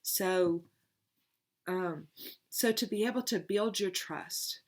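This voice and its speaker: A woman's voice: medium pitch, slow pace. A middle-aged woman, a tarot reader telling a personal story in a rambling, heartfelt, emotional way in a casual spiritual vlog.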